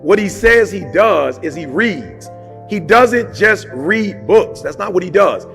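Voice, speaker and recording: A man delivering a motivational talk with a higher-pitched, gravelly voice. He speaks in a punchy, casual way, firing off rhetorical questions and repeating phrases for emphasis. Soft music plays faintly underneath. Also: animated, slow pace.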